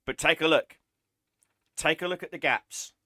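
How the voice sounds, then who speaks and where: A man's voice: on the high side, moderate pace, bright, forceful tone, dry recording, clean studio sound. A man streaming a game, ranting in an exasperated, sarcastic way and swearing often. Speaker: gaming streamer. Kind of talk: ranting gameplay commentary.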